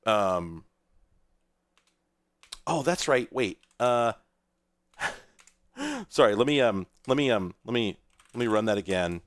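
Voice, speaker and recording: Guy on a live stream, rambly and sarcastic, pitch bouncing all over, laughs at his own mess. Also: sing-song, a little slow, pauses often. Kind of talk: casual livestream commentary.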